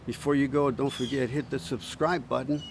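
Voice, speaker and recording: A male pastor giving a short sermon in slow, earnest, pausing phrases, easing into a gentle hush at times. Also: mid-range voice, steady tone, creaky, slight background noise.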